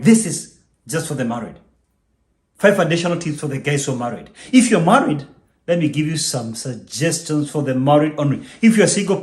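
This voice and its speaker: A man's voice: on the high side, reverberant. A man hosting a business channel, giving a motivational talk to the camera, emphatic and preachy, repeating his key points.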